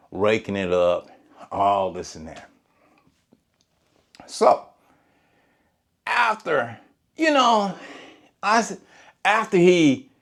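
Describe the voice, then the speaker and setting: A man, a lawn care business owner, telling a story in a casual, colloquial vlog. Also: medium pitch. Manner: animated storyteller, Southern colloquial speech.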